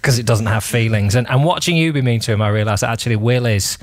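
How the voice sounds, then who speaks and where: A man's voice: mid-range voice, fast talker, a crowd in the background. A man hosting a radio show in a studio, talking in casual, teasing banter that rambles and often breaks into laughs.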